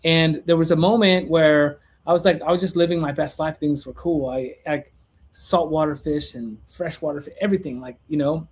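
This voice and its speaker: Podcast guest, man, husky, higher range, animated storyteller who acts out dialogue. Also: normal speed. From California. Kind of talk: animated storytelling in casual chat.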